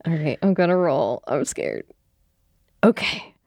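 A woman's voice: sits low, wildly swooping pitch, a little slow, vocal fry, over a noisy crowd. A woman playing in a tabletop game, chatting casually and bubbly about her dice rolls. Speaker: player.

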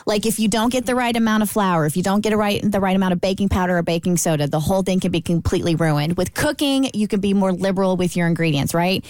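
A woman's voice: mid-range voice, fast, hardly any pauses, darkish tone, dry recording, clean studio sound. A woman co-hosting a morning radio show, explaining things in detail in casual banter and laughing easily.

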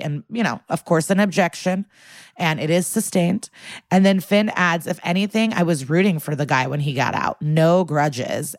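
A woman co-hosts a casual podcast in a low, dry-sounding voice. She retells TV scenes in quick bursts, quoting the characters as she goes. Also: no room sound. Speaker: podcast co-host. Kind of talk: casual recap chat.

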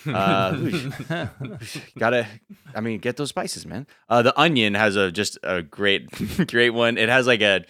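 Bright, crisp-voiced man in casual banter. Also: fairly low pitch, a little slow, no echo, clean studio sound. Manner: loose, joking, laughs between lines. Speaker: podcast co-host. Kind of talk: casual chat.

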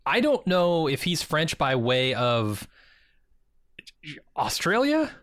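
A man's voice: fairly high pitch, huge pitch swings, slow, a bit bright, dry recording. A man co-hosting a podcast in casual chat, with a wry, sarcastic manner. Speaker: podcast co-host.

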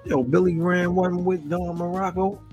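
A man co-hosting a podcast in casual chat, excitable as he tells stories. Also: high-pitched, moderate pace, soft background music. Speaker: podcast co-host.

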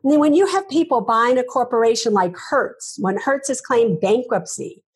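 A woman speaking as a guest author in an interview, her voice soft and breathy. She talks emphatically, stressing points with rhetorical questions and repeating herself as she goes. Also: fairly high pitch, normal speed. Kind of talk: interview answers.

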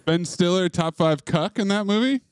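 Man, podcast co-host, higher-pitched, enthusiastic, casual chat, dry sound. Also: normal speed, clear, resonant tone, dry recording. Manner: laughing, enthusiastic storytelling.

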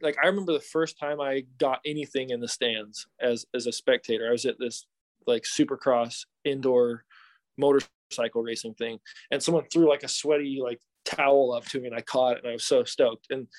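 A young man, a baseball pitcher, chatting casually and acting out other people's voices as he tells stories. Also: a little fast. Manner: animated storyteller, acts out fans' voices. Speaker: professional baseball pitcher guest. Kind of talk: casual podcast chat.

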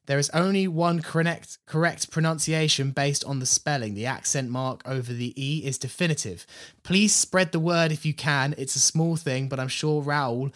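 A man's voice: a little high, normal speed, a bit bright. A man hosting a casual fan podcast, reading listener emails aloud and chatting about them.

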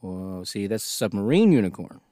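A man's voice: fairly low pitch, sing-song, moderate pace, warm tone, no echo, clean studio sound. A man co-hosting a casual comedic chat, joking and reading a story aloud. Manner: joking, reads story aloud, laughs often. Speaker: podcast co-host.

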